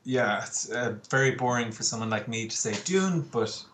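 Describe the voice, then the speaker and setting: A man's voice: medium pitch, expressive, moderate pace, a bit bright. A man, a guest in casual chat, opinionated and talkative with plenty of ums and uhs. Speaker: podcast guest. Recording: faint background noise.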